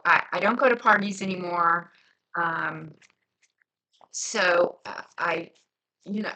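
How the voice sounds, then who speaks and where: A woman's voice: fairly low pitch, gravelly, bright, forceful tone, low-quality recording. A woman with a light Southern twang, chatting in a rambling way while she crafts on her vlog. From near Cincinnati, across the Ohio border. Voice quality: rambling, chatty, full of fillers. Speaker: journaling crafter. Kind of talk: casual crafting vlog chat.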